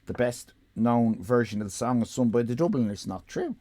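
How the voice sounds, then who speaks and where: A man's voice: medium pitch, fairly even intonation, fairly quick, mellow. An Irish man streaming live, giving rambling, sarcastic, profane commentary.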